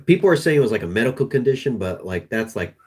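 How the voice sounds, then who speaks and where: A man streaming live, chatting casually in a rambling, halting way full of restarts. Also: mid-range voice, sing-song, a little mellow, husky. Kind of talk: casual livestream chat.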